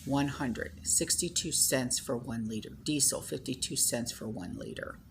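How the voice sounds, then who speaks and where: A woman's voice: very deep voice, unhurried, slight background noise. A woman hosting her own channel, chatting casually to viewers in a rambling way, full of "you know" and "okay?". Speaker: channel host.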